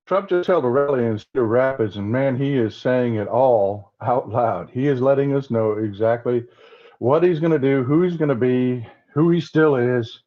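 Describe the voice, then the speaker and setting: A man's voice: mid-range voice, normal speed. A man with a Southern American accent hosts a livestream of political commentary. He talks bluntly and keeps circling back over his own words. His voice comes through a slightly dull, lo-fi recording. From Southern United States. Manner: blunt, repeats himself with many restarts.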